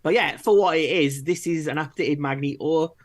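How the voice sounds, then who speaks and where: A man co-hosting a live stream, chatting in a relaxed, measured way with fillers. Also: a little high. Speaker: co-host. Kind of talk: casual live-stream chat.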